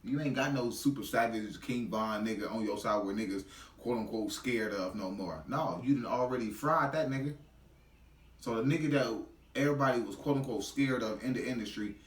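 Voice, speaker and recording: A man's voice: medium pitch, echoey room, distant mic. A man giving a heated, profane reaction commentary in blunt street slang.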